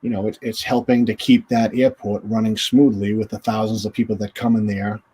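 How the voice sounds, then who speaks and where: A man in his forties, a guest in an interview, telling stories in a chatty, relaxed way full of fillers. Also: lowish voice, fairly quick, a little hiss or hum. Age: 40s. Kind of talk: casual storytelling in an interview.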